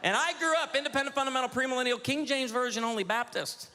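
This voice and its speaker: A man in his forties doing a stand-up comedy routine on stage, telling animated stories with quick asides to the audience. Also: very high voice, a little hiss or hum. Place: church hall on stage. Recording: hall reverb with faint audience ambience.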